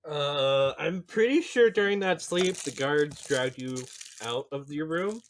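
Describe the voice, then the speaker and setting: Man player, in-character banter: slightly high voice, slow and hesitant delivery. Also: expressive, a little hiss or hum. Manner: hesitant, laid-back. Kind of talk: in-character tabletop play.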